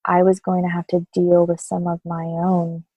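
A woman postpartum doula speaking thoughtfully and gently in an interview, with soft laughs. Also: fairly low pitch, completely flat delivery, normal speed, no room sound, poor audio. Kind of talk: interview conversation.

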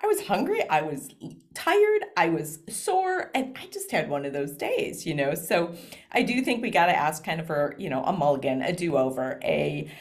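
A woman guest talking casually in an interview, animated and laughing often, with frequent fillers. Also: low-pitched, moderate pace. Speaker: guest, speaker and parent.

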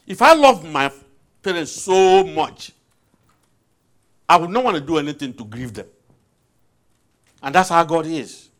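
A male preacher delivering a sermon in a fairly high voice that swoops up and down with great liveliness. He turns to his congregation with questions and repeats key phrases to drive them home. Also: a bit bright.

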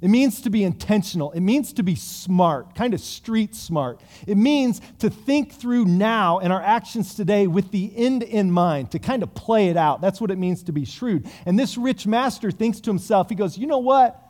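A male pastor preaching a sermon, retelling a parable and acting out the characters' lines in a lively storytelling manner. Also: high voice, normal speed, hardly any pauses.

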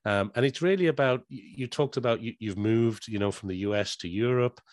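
A man's voice: medium pitch, fairly quick, dry recording, clean studio sound. A man hosting a podcast interview, encouraging and a bit hesitant, often repeating words as he asks questions. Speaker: podcast host.

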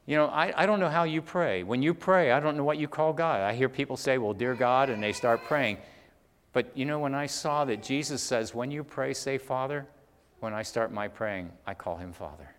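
A man delivering a sermon, rising to loud emphatic peaks and dropping to soft low asides while reading scripture. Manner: reads scripture aloud, often slowing for weight. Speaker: preacher. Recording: long hall reverb.

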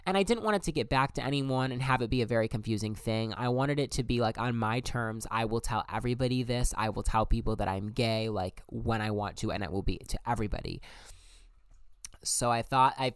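A young man speaking in a smooth, clean voice, telling his own story in a candid, emphatic monologue. He swears freely, and the sound is dry and close. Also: medium pitch, a little fast, dry recording. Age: young adult. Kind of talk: personal monologue.

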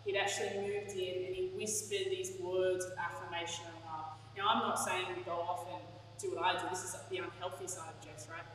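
A woman's voice: lowish voice, flat delivery, brisk, few pauses, fairly bright tone, slight background noise. A woman preaching a sermon in a candid, chatty way, laughing at herself. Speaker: pastor. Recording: echoey hall, from far off.

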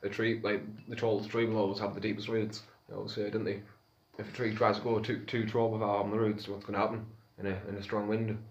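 A man from Peterlee with a North East English accent, co-hosting a podcast in fast, chatty casual banter, full of "mate" and "aye". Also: fairly low pitch, little pitch movement. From Peterlee, England. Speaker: podcast co-host. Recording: echoey, dull-sounding room.

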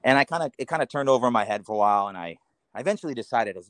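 A man from the Los Angeles area, a podcast guest telling long, rambling stories in an animated way, often restarting and laughing mid-sentence. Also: mid-range voice, very fast, dry recording. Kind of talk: casual storytelling.

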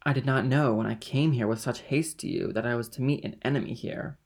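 A man's voice: medium pitch, brisk, gravelly, slightly rough. A man reading aloud and voicing a frank, courteous young sailor who turns guarded. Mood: wary.

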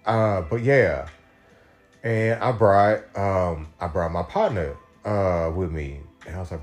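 Deep-voiced man telling a rambling, profane story. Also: slow pace, soft background music. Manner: rambling, profane, fillers, acts out quotes with big pitch jumps. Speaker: podcast host. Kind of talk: casual storytelling monologue.

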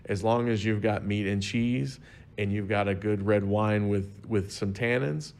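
Laid-back man explaining with a low voice. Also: steady tone, measured pace, creaky, a little mellow. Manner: easygoing, explains with everyday examples. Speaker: wine expert guest. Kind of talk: casual explanatory chat.

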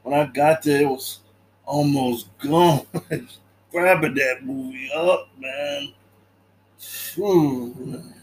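A man's voice: medium pitch, very slow, long pauses, a little hiss or hum. A man casually recapping a movie in a laid-back way, laughing often and acting out lines.

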